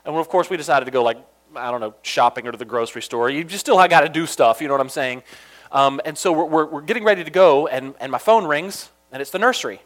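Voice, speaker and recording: Man, young adult, from Georgia, humorous storytelling, chatty, lots of asides, fairly high pitch. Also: quick pace. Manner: animated, chatty, full of asides.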